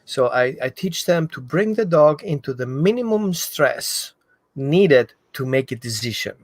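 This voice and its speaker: A man explaining dog training in an animated way, acting out what the dog thinks. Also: a little high, measured pace, no echo. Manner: animated, acts out the dog's thoughts. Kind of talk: explanatory talk.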